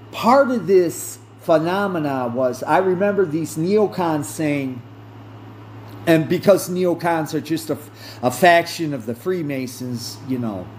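A man hosting a podcast, talking in a slow, rambling monologue with many fillers and self-corrections. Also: a little high, darkish tone, slight background noise. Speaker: podcast host. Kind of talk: casual monologue.

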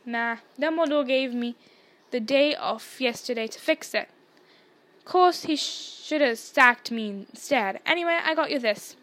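A woman doing Hagrid, a rough gruff giant. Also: high voice, measured pace, a bit bright. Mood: gentle. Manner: rough, dialect-flavoured speech. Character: giant gruff male groundskeeper, soft-hearted.

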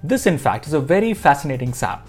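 A man's voice: a little high, very animated, quick pace, loud music behind the voice. A man giving a devotional Bible teaching as a pastor, speaking earnestly and reading scripture passages aloud.

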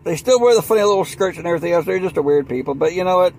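A man's voice: high-pitched, lively intonation, racing, creaky, hardly any pauses, a little mellow, slight background noise, low-quality recording. A man rambling through a sarcastic comic monologue, full of restarts and mock voices. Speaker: comedian. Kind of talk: rambling stand-up style monologue.

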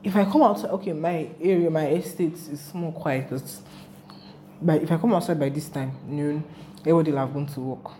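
A young Nigerian woman with a Nigerian accent, chatting casually in a vlog, telling her travel stories with animated, rambling asides. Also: sits low, brisk, a little hiss or hum. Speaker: travel vlogger.

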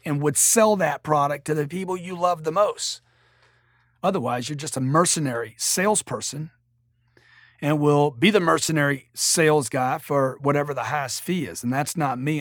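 A man's voice: a little high, no echo. A middle-aged man giving a blunt, emphatic motivational talk on sales as a coach, speaking into a close studio mic. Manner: emphatic, blunt, with rising intensity. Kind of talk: motivational monologue.

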